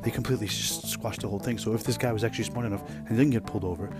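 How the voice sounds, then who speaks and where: A man hosting a podcast, telling a rambling, profane workplace story in a casual, animated way. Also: lowish voice, racing, music in the background. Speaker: podcast host.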